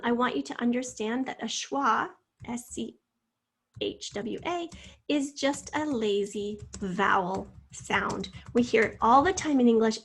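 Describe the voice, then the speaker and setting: A middle-aged woman teaching a spelling lesson, saying each word slowly and then using it in a sentence. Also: a little high, slightly rough. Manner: slow, careful word-by-word dictation with example sentences.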